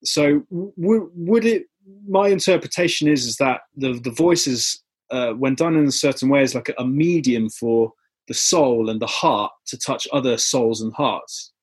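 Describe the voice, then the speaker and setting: Hesitant male interviewer, husky, reflective, stumbling restarts. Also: mid-range voice, a little slow. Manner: hesitant, repeats words while thinking. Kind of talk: reflective conversational questions.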